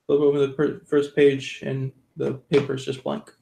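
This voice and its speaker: A man running a tabletop game as dungeon master, giving calm, matter-of-fact rulings. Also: mid-range voice, normal speed, creaky. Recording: echoey room with noise.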